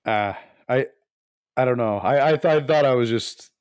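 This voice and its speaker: A man co-hosting a podcast in casual chat, talking in halting, rambling restarts. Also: medium pitch, darkish tone, smooth, no room sound, studio quality. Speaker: podcast co-host.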